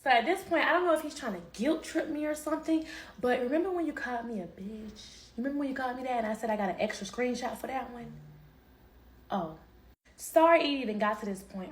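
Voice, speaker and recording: A young woman telling a personal story in casual vlog style, animated and acting out what people said. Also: on the high side. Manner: animated, acts out quotes, laughs. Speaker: vlogger.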